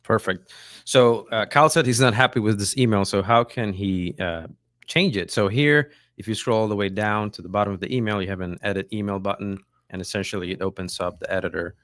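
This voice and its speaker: Deep-voiced man walking through software. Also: a little fast, no room sound, studio quality. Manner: steady, step-by-step explaining with "uh, you know". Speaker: co-host. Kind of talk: software walkthrough.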